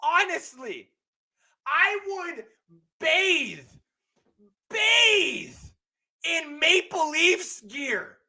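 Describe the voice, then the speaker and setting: A young man hosting a live sports stream, ranting loudly and profanely and often shouting. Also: very high-pitched. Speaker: host.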